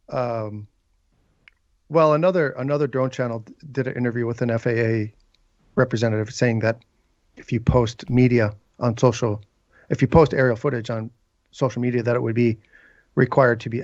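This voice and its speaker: A man with a North Dakota accent talks casually, wandering through a story with plenty of asides. His voice sits mid-pitched and dry, with a slightly muffled, dull sound. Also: darkish tone, no echo. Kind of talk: casual chat.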